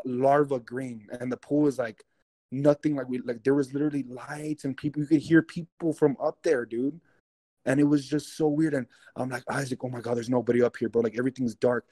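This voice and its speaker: A man spins a long story in loose, casual talk, full of swearing and "dude" and "guys." His voice is mellow and warm, and it sits mid-range in pitch. The sound is dry and close. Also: dry recording. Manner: rambling, profane, keeps addressing listeners as guys. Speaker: interview guest.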